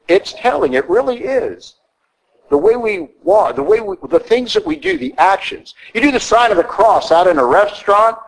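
A man's voice: high-pitched, big pitch swings, normal speed, vocal fry, poor audio. A middle-aged male priest giving a blunt, conversational sermon in a church, often asking "okay?". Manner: blunt, conversational preaching with frequent "okay?" asides.

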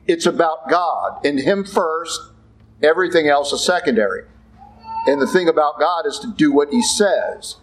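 A man with a fairly high voice preaching in a church. He talks plainly and bluntly, like a conversation, and slips into other voices for the people he quotes. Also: rough recording. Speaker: Catholic priest. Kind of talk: sermon.

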